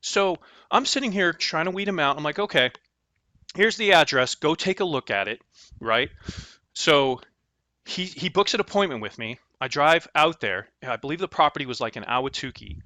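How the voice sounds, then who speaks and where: A man hosting a real estate investing channel, telling a story in a casual, animated way and acting out both sides of his conversations. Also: on the high side, normal speed, no echo.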